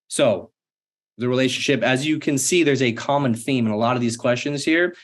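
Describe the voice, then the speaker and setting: A man in his thirties co-hosts a leadership Q&A. He talks earnestly at a mid-range pitch and often tells a personal story. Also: a little fast. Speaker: co-host. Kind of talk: casual Q&A talk.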